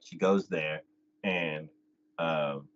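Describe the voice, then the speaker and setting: A man hosting an anime podcast, retelling an episode in casual chat, jumping into high squeaky voices for the characters and laughing often. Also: steady tone, extremely slow, fairly bright tone, highs cut off.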